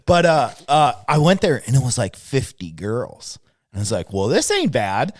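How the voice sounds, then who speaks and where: A man's voice: mid-range voice, sing-song, normal speed, no echo. A man co-hosting a podcast, telling loose, profane stories in casual chat. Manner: loose, profane storytelling with laughs. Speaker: podcast co-host.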